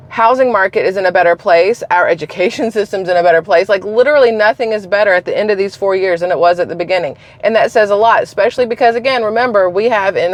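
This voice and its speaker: A woman hosting a political commentary vlog, talking in a blunt, opinionated, casual way. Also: mid-range voice. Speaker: channel host.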